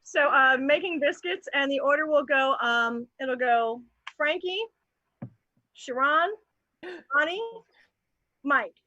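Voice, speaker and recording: A woman hosting a live improv comedy show, laughing through quick asides to her cast. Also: high voice, sharp tone, no room sound, lo-fi sound.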